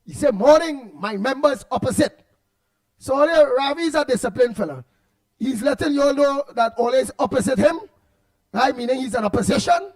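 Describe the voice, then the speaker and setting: A man's voice: extremely high pitch, fairly quick. A Trinidadian man hosting a radio talk show, chatting loosely and animatedly as he reads out listener comments. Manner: animated, repetitive, laughs often, loud outbursts. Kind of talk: casual radio chat reading listener comments.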